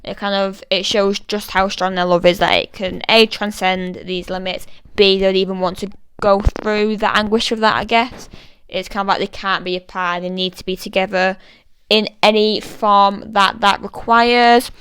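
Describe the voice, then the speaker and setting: A British woman talks through a poem in a relaxed, chatty way, with plenty of fillers. Her voice is very smooth and even, with little rise and fall. The sound is close and dry. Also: medium pitch, normal speed, no room sound, low-quality recording. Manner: thoughtful, chatty, many fillers. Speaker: literature explainer. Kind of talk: casual poetry analysis.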